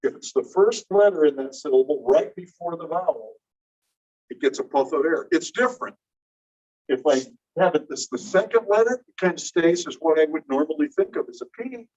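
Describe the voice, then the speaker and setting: A man lectures a class in an explanatory way, pausing to put questions to the students. His voice sits a little high for a man. He is heard from away from the microphone, and the recording sounds dull. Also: expressive, darkish tone. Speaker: teacher. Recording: distant, dull room recording.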